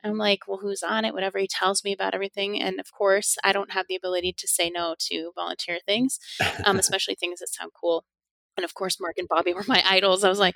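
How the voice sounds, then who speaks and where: A woman's voice: mid-range voice, level tone, fast talker, vocal fry, a bit bright, no echo. A middle-aged woman, a podcast guest, telling stories in a casual interview, laughing often and acting out the speech she quotes.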